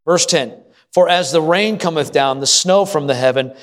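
A man's voice: a little high, moderate pace. A middle-aged man preaching a sermon as pastor, telling folksy family stories and asking the congregation questions. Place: church sanctuary. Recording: long hall reverb.

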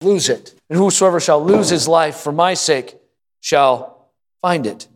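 At a church service, a male pastor with a voice on the high side delivers his sermon a little slowly, rising to shouted emphasis. He draws the congregation in with call-and-response questions.

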